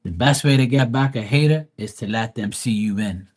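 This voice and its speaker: A man hosting a live tarot reading stream, talking to his viewers in a loose, profane way. He tells stories bluntly and mocks people with loud asides. His voice sits at an ordinary male pitch. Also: moderate pace. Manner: loud mocking asides to chat. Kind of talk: casual livestream chat.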